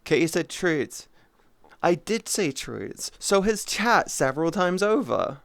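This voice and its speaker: A woman streaming live, chatting casually with her chat, giggly and playful, sometimes cooing softly in baby-talk. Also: fairly low pitch, big pitch swings, slow pace, vocal fry, no room sound. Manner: giggly, playful, often laughing.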